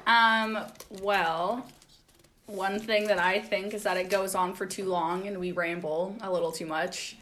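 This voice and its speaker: A woman's voice: medium pitch, fairly even intonation, a little slow, noisy background. A young woman co-hosting a casual podcast, blunt and teasing. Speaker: podcast co-host.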